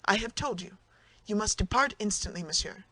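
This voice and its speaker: An audiobook narrator voicing a passionate young woman who reproaches her husband indignantly, in a clear reading voice. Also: medium pitch, a little fast, a bit bright, no echo, lightly acted, low-quality recording. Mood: scornful.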